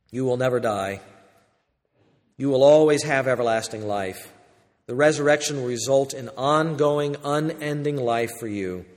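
A pastor preaching a sermon, shifting between loud, urgent exhortation and quiet, intimate passages. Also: male voice, mid-range voice, in a large hall.

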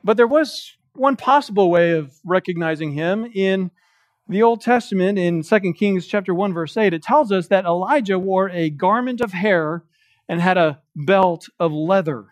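A man with a notably high voice preaching verse by verse through a passage. He leans hard on quoted lines, slowing to stress each word. The sound is close and dry, with little room around it. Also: no room sound. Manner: emphatic preaching with slow, stressed quotations of scripture. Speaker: pastor. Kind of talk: expository sermon. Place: church.

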